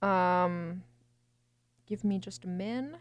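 A woman's voice: lowish voice, drawn-out words, no echo. Woman on a chat podcast, laughy and flustered, keeps restarting, dry close mic. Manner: effusive, laughing, stammering while deciding. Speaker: podcast co-host. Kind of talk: casual chat game.

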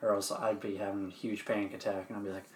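A man's voice: on the low side, level tone, fast talker, slight background noise. A man joining a casual chat among friends, talking bluntly and chiming in often with agreement. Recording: roomy echo.

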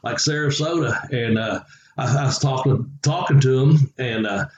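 A man's voice: medium pitch, normal speed, muffled recording. Rambling man in an echoey room. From Southern United States. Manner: rambling anecdotes with frequent chuckles and fillers. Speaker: guest, former pro wrestler. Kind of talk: casual storytelling interview. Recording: echoey room with faint ambience.

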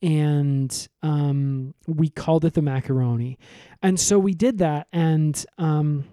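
A man co-hosting a comedy podcast, recapping in a rambling, deadpan way with lots of fillers. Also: fairly high pitch, takes it slowly, smooth, dry recording, studio quality.

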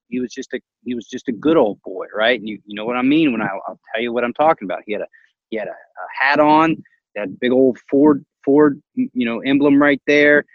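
A man's voice: mid-range voice, gravelly, no room sound. Guy telling a story in a casual chat, does the voices, dry sound, kinda muffled. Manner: animated, acts out quoted voices, laughs often.

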